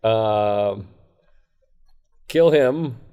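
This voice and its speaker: A man's voice: fairly low pitch, extremely slow, mellow, clean tone, dull audio. Comedian guy rambling on a podcast, candid, pokes fun at himself, casual chat. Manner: rambling, self-deprecating, candid. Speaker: comedian guest. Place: comedy club.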